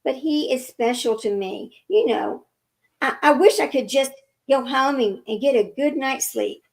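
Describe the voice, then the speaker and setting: A woman's voice: sits high, unhurried, creaky, rough recording. Woman reading as a self-pitying fake doctor. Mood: weary sentimental.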